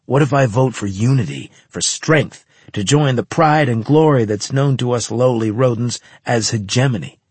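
A wisecracking, grumbling male marine, as a man puts him on in a spoken storybook, loud and full of complaint. His husky, breathy voice sits dry and close, a little above the narrator's own. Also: medium pitch, normal speed, hardly any pauses, no echo, lightly acted. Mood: joking.

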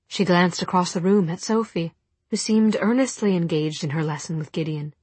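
A woman narrating a novel as an audiobook, with a steady, expressive reading. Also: lowish voice, normal speed, slightly rough, no room sound.

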